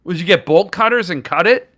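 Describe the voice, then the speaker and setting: Chatty man with a lively bright voice. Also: sits high, brisk. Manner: rambling, jokey, reacts to chat. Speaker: booktuber host. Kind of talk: casual live-stream chat.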